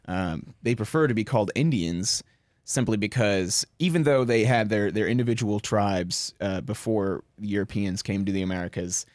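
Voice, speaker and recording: A man's voice: lowish voice, normal speed, a little mellow, no room sound, clean studio sound. A young man in a casual radio panel chat, musing aloud and restarting his sentences often.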